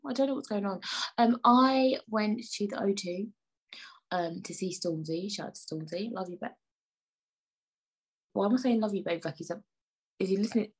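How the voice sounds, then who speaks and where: A woman's voice: mid-range voice, normal speed, long pauses, slightly rough. A young woman hosting her own podcast, chatting in a rambling, playfully indignant way and sometimes dropping into near-whispered asides. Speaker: podcast host. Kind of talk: casual solo podcast chat.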